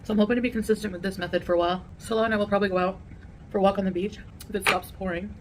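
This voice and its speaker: A woman vlogger chatting casually to her viewers while eating a meal, rambling and pausing to chew. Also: mid-range voice, steady tone, a little hiss or hum. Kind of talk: casual eating vlog chat.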